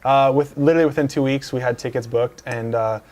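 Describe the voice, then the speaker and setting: A man's voice: medium pitch, steady tone, fast talker, darkish tone. A man as a guest on a casual interview show, telling a rambling anecdote full of fillers and restarts, in a lounge. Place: dealership lounge couch.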